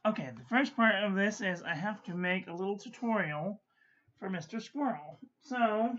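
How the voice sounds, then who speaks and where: A woman hosting a casual live-streamed ink review, chatting to viewers and often clearing her throat. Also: mid-range voice, moderate pace, fairly bright tone, dull audio. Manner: chatty, frequent throat-clearing, drops to mutters.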